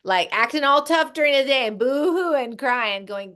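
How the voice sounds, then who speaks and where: Lady on a radio show telling her story, lively, keeps laughing and doing the voices. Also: high voice, normal speed, hardly any pauses, clear, resonant tone. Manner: animated, laughs often, acts out quoted speech. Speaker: guest, youth program founder. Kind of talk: casual conversation, storytelling. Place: radio studio.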